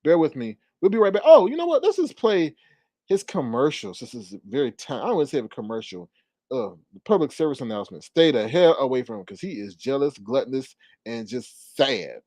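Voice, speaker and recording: A commentary vlogger talks fairly quickly into his phone at home with no echo, giving casual, sassy, animated remarks. His voice climbs higher whenever he gets riled up.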